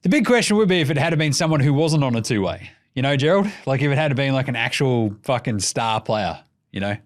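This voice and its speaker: A young Australian man hosts a casual basketball show, swearing freely and cracking jokes as he goes. His voice rises and falls a lot, keeping the delivery animated. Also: medium pitch, brisk. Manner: profane, joking, animated. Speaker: basketball podcast host.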